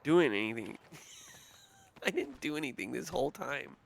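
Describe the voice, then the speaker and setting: A man's voice: medium pitch, wildly swooping pitch, measured pace, gravelly, slight background noise. A young man streamer telling stories in a casual, profane, exasperated rant, mimicking the people he quotes. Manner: profane, exasperated ranting with mock-quoted voices. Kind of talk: casual livestream storytelling rant.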